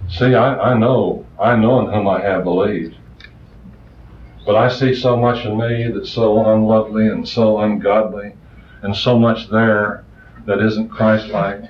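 A man preaching a sermon with passion, his voice swinging between loud rises and soft, quiet asides. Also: lowish voice, little pitch movement, unhurried. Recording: distant, roomy, muffled old recording.

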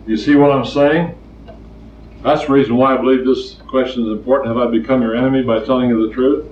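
An older man with a mid-range, slightly mellow voice preaches a plainspoken sermon at a quick, steady pace. He tells stories and hammers home his points through emphatic repetition. The distant, roomy lo-fi recording carries a little hiss or hum.

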